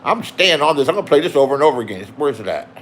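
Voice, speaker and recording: A man's voice: mid-range voice, very animated, rapid-fire, fairly bright tone, a little hiss or hum. A man in his sixties talking casually to camera, rambling and swearing as he reminisces. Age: 60s. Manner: profane, reminiscing, loose and chatty. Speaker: vlogger. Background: music playing.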